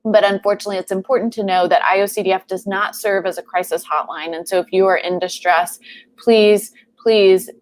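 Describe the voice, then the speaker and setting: A woman's voice: mid-range voice, steady tone, fairly quick. Give me an upbeat woman in her thirties hosting a live stream chat. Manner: upbeat, chatty announcements. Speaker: host and clinician.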